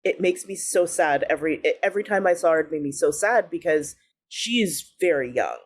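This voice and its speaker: A woman's voice: deep voice, expressive, fairly quick. A woman co-hosting a podcast, talking in a casual, enthusiastic way and laughing often. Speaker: podcast co-host. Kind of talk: casual chat.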